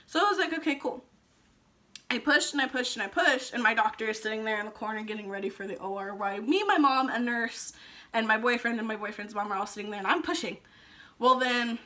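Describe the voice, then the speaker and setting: A young new mother talks to her camera in a casual vlog, recounting her delivery with lots of ums. Her voice sits a little high and rings bright and clear. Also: fairly quick. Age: young adult. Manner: chatty, emotional retelling with frequent ums.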